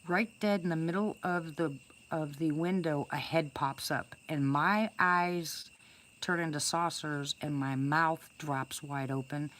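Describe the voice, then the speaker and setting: A woman's voice: deep voice, fairly even intonation, a little slow, fairly bright tone. An older woman casually telling a first-person story to her viewers, chatty and rambling, with many restarts and fillers. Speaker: storyteller greeting live viewers.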